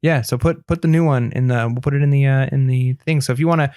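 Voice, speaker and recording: A man's voice: mid-range voice, fast, warm tone, smooth, no room sound. Rambling male podcast co-host, close and dry. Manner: rambling, friendly, many fillers. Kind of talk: casual podcast chat.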